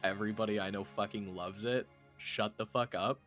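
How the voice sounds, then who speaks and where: A man's voice: on the low side, fairly even intonation, normal speed, a bit bright, faint music behind. A man in casual, joking chat with friends during a game livestream, swearing and laughing often. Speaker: gamer friend on livestream call.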